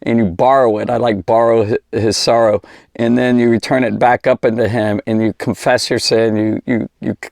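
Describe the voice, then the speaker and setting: A man giving an informal Bible teaching, animated and chatty, often repeating words as he restarts. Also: medium pitch, moderate pace, vocal fry, no room sound, clean studio sound.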